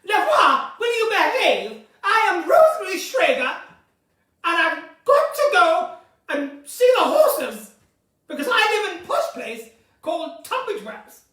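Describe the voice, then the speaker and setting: A woman impersonating a posh, bossy older woman TV cook who shouts at her helper in a shrill, loud voice. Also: wildly swooping pitch, a little slow, recorded from a distance, heavily acted. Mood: bossy, shouting. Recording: roomy sound from a mic set back.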